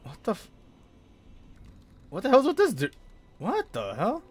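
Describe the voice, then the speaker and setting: A young man commenting on a horror game in a high voice that leaps all over the place. He jumps at every scare and covers it with nervous laughter. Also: huge pitch swings, a little slow, husky. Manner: jumpy, yelps and nervous laughter. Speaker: gaming streamer. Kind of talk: horror let's play commentary.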